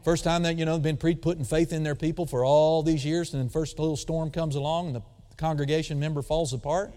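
Booming preacher in a reverberant hall. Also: male voice, fairly even intonation, a little fast. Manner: dramatic swings between booming emphasis and quiet asides; calls for audience response. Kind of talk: sermon. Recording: long reverb of a large hall.

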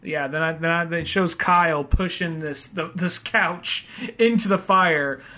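A man's voice: on the high side, measured pace, sharp tone. A young man co-hosting a podcast, joking and laughing through casual banter. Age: young adult. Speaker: podcast co-host. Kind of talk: casual chat.

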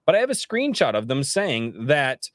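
A man's voice: medium pitch, normal speed, no echo, clean studio sound. A man hosting a podcast, talking casually and animatedly, swearing a lot and acting out what he said to people. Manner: animated, profane, laughs often, acts out quotes. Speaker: podcast host.

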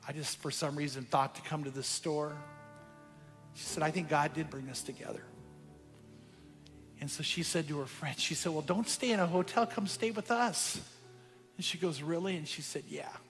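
A male pastor preaching a sermon, telling a story that moves between hushed and emphatic passages. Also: a little high, in a large hall.

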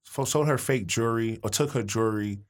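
A man co-hosting a podcast in casual chat, opinionated and animated, full of slang and repeated words when he gets going. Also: on the low side, brisk. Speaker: podcast co-host.

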